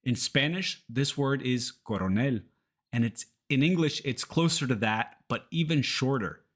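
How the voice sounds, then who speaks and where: Guy from teaching english pronunciation, really slow and careful, says each word over a couple times, mid pitch. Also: fairly bright tone. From Kentucky, United States. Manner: slow, careful modeling of words, repeating them for learners to copy. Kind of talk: pronunciation lesson.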